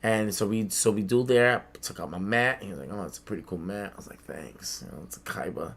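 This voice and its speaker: A young man from the Bronx telling a childhood story in casual podcast chat, animated, swearing freely and acting out the voices of people he quotes. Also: lowish voice, fast talker. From the Bronx, New York. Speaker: podcast co-host. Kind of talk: casual storytelling among friends.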